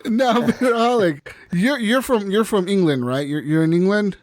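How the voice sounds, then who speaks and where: A man hosting a gaming podcast with a fairly high voice in a dry, close recording. His talk is loose and jokey, with frequent laughs and casual swearing. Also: moderate pace, no echo. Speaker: podcast host.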